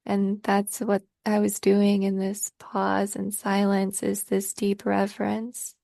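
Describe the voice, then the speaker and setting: Slow, gravelly-voiced emotional woman host. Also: mid-range voice, completely flat delivery, dark tone, dry recording, studio quality. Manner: effusive, emotional, gushing praise. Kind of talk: spiritual conversation.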